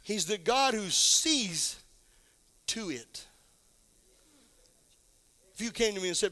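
A male pastor delivering a sermon in a high, bright, ringing voice. He sinks into quiet, low passages, then climbs back up to fervent shouts. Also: animated, slow pace, long pauses, dry recording. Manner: preacher building to shouted exclamations; drops to a low hush for emphasis.

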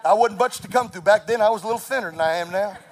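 Man, pastor, sermon, very high voice, builds to shouting, laughs through stories. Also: fast talker.

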